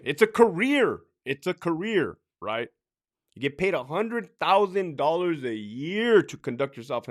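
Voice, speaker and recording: Blunt, profane middle-aged man. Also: on the high side. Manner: blunt, profane, laughs often, acts out inmates. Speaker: former corrections officer giving advice. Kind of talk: casual monologue.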